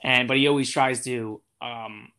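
Chatty eighteen-year-old man, bright voice. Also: mid-range voice, steady tone, unhurried, smooth. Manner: rambling, many fillers and restarts. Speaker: podcast guest. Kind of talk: casual chat.

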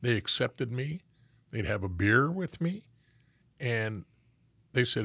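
A man's voice: mid-range voice, animated, slow pace, vocal fry, a bit bright, breathy edge, no echo. An older man, a former police officer from Los Angeles, telling street stories in a laid-back, casual chat and swearing freely. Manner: laid-back, swears freely, acts out old friends' voices. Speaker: retired police officer, guest.

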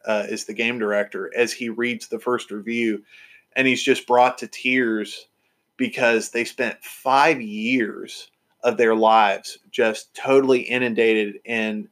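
A man's voice: medium pitch, fairly bright tone. Chatty man hosting a podcast. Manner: enthusiastic, rambling with fillers and restarts. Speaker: podcast host. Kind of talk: casual podcast chat.

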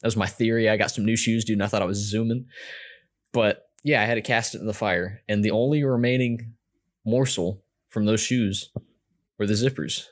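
A man's voice: on the low side, fairly even intonation, moderate pace. A young man telling a story in casual chat, rambling and self-mocking with lots of fillers and restarts.

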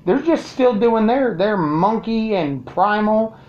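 A man's voice: high-pitched, animated, slow, darkish tone. Brash ranting man, lo-fi sound. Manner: crude, sarcastic, brash. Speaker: vlogger. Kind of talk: profane ranting monologue. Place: at home.

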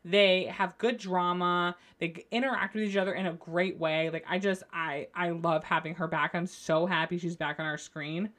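A young woman hosting a solo podcast, chatting casually about reality TV. She gushes over favorites and swears freely as she recaps, in a slightly low voice. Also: steady tone, normal speed, hardly any pauses, a bit bright. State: going through postpartum depression. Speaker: podcast host.

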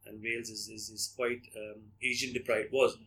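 A man's voice: lowish voice, flat delivery, moderate pace, fairly bright tone, husky, rough recording. A middle-aged man from India, a guest on an interview, telling stories casually with many hesitations and restarts. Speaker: guest, media company director.

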